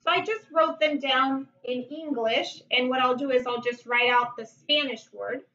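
A woman's voice: sits high, sharp tone, far from the mic. Woman, teacher, vocabulary lesson, careful pronunciation, echoey dull recording. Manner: slow, careful pronunciation of each word. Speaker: Spanish teacher. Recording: dull, roomy sound from off-mic.

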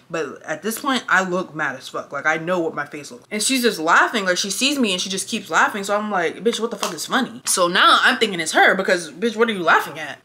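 A young woman with a bright, ringing voice tells a personal story straight to camera. Her delivery is animated and blunt, full of swearing. She sounds casual and close to the mic indoors. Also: mid-range voice. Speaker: vlogger. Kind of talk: casual storytime while getting ready.

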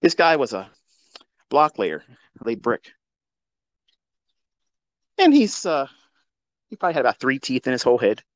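A man telling a story in a casual monologue, profane and mocking, with sudden loud outbursts. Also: medium pitch, very animated, a little slow, long pauses, no room sound. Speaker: trading educator on a live audio space.

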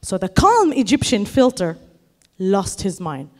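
A woman performing a stand-up comedy set on stage, telling an animated story and shouting the lines she acts out. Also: mid-range voice, a little slow. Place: comedy stage before a live audience.

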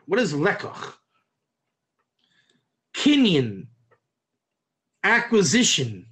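A man leads a Torah study class, his voice high and bright as he explains. He talks slowly, with a lively pitch that swings up and down, and he keeps turning to his listeners with questions. He often repeats or restarts a phrase before going on. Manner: quizzes the audience with frequent questions. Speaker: rabbi teaching a class. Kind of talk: Torah study lesson with modern analogies.

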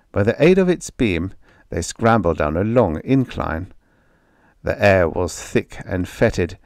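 Low, slow male horror storyteller. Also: dry recording, clean studio sound. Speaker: audiobook narrator. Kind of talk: scripted horror story narration.

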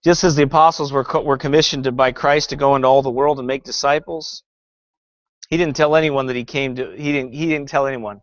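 A man's voice: mid-range voice, fairly even intonation, fairly quick, no echo, muffled recording. A male pastor preaching a sermon that critiques a film, fervent and sarcastic by turns, often reading scripture aloud.

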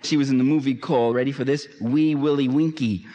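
A man's voice: mid-range voice, fairly even intonation, a little fast, mellow, long reverb tail. A man giving a public lecture in an emphatic, sarcastic manner that rises to impassioned.

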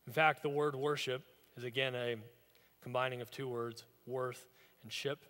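A man's voice: medium pitch, steady tone, normal speed, fairly bright tone, big-room sound. A man preaching a sermon as a pastor, in a conversational, storytelling way. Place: church sanctuary.

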